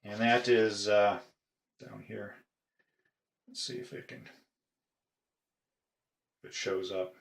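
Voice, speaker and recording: A middle-aged man collecting padlocks, talking casually in a show-and-tell video, halting with frequent pauses. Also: on the low side, fairly even intonation, creaky. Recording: echoey room.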